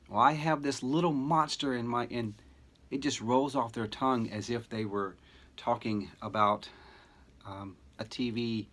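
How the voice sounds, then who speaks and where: A middle-aged man giving a recorded lecture to teachers, earnest and emphatic, with deliberate pauses. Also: fairly low pitch, fairly bright tone. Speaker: teacher educator.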